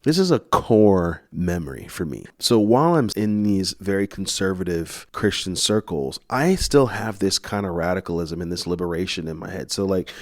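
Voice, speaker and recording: A man from Missouri, a podcast guest and worship songwriter, telling stories in an animated, casual way and acting out the people in them. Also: low voice, normal speed, few pauses, no echo, studio quality. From Missouri, USA. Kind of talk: casual storytelling.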